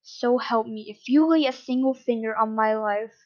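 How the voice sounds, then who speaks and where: A captive king snaps back with sarcastic, clipped anger, as a woman reading the tale voices him. The voice sits somewhat high and the recording sounds a little muffled. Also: normal speed, natural voice. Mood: defiant. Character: angry defiant captive male king.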